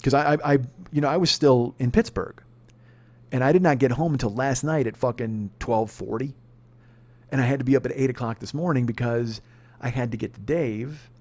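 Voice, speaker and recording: A man's voice: mid-range voice, moderate pace, a little mellow. A man in his forties, a comedian hosting a podcast, telling a story in a heated, profane, exasperated rant. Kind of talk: ranting storytelling monologue.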